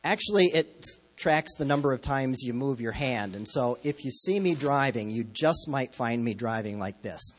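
A man's voice: medium pitch, lively intonation, moderate pace. A man preaching a sermon as a pastor, telling stories in a conversational, lightly humorous way.

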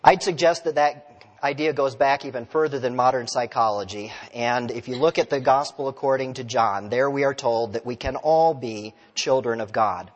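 A male pastor preaching a sermon in a relaxed, conversational way, telling stories and asking the congregation questions. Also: medium pitch, moderate pace, muffled recording. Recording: long reverb of a large hall.

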